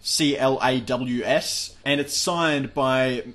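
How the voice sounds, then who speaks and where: A man's voice: mid-range voice, steady tone, slow pace, a bit bright. A young man co-hosting a podcast, casually retelling a TV episode in a dry, emphatic way. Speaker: podcast co-host.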